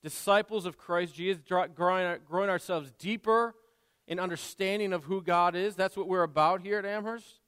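A man's voice: high-pitched, normal speed, fairly bright tone, clear, resonant tone. A male pastor preaching a sermon in a church, earnest and conversational, with frequent restarts and asides. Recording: long reverb in a large hall.

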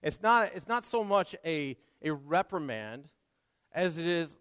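Brief: an earnest, chatty male pastor with a high, clear voice, preaching in a church with a long hall echo. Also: sing-song, unhurried, a bit bright. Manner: conversational, earnest, with frequent restarts and asides. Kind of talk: sermon. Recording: long reverb in a large hall.

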